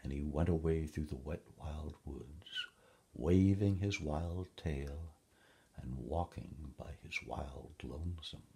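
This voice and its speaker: A man reading a children's story aloud in a rhythmic, lively way. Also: creaky, breathy edge. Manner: slow, rhythmic, lively pitch. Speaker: narrator.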